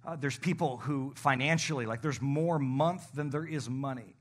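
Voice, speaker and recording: A man's voice: medium pitch, moderate pace. A middle-aged man preaching a sermon in a church, building to emphatic calls to the congregation. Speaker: pastor.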